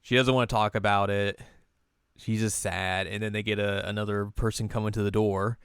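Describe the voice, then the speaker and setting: A man with a lowish, smooth and resonant voice, chatting casually as he recaps an anime episode. He often jumps into high, squeaky voices to act out the characters. The sound is dry and close. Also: flat delivery, normal speed, no room sound.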